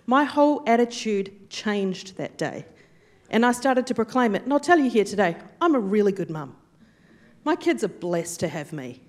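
A woman's voice: a little high, normal speed. A woman preaching a sermon, telling stories animatedly and acting out the quotes. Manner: storytelling, animated, acts out quotes.

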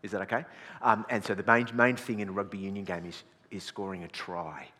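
A middle-aged man preaching with a slightly low, bright and forceful voice. He tells his story in a chatty, self-deprecating way, often restarting his sentences. The sound carries a long reverb from a big hall. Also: steady tone, a little fast. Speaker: pastor. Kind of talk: storytelling sermon.

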